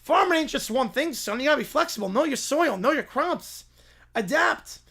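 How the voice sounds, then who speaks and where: A man's voice: very high voice, animated, normal speed, creaky, bright, forceful tone, exaggerated voice. A man playing a patient old farmer who speaks in a folksy drawl and calls people son.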